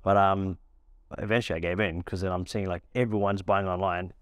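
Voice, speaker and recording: A man's voice: low-pitched, clean tone, dry recording. A man, a restaurant founder, telling stories in a casual podcast interview and acting out bits of dialogue. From Australia. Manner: rapid, animated storytelling with acted-out dialogue.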